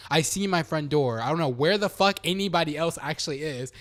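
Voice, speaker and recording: A young man tells a story on his podcast in a casual, animated way, full of swearing and acted-out quotes. His voice sits a little high for a man. He jumps around his pitch as he plays the people in the story. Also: a little fast. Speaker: podcast host.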